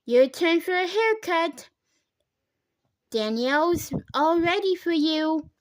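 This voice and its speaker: A woman's voice: very high-pitched, lively intonation, takes it slowly, pitched above the performer's own voice, heavily acted. A woman reading a storybook aloud and voicing a practical mother who speaks firmly to her small child. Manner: firm, gently coaxing.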